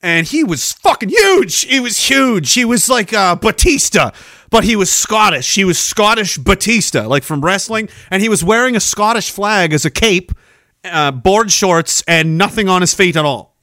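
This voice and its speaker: A Canadian man in his forties, a podcast host telling wild stories in a profane, animated way, laughing often. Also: high-pitched, normal speed, no echo, studio quality. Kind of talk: casual storytelling.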